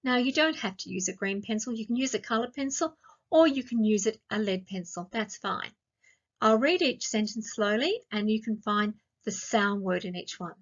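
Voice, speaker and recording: Australian lady teacher, slow clear questions for little kids, kinda muffled lo-fi audio. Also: medium pitch. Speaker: primary school teacher. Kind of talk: recorded grammar lesson for young children. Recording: dull lo-fi sound.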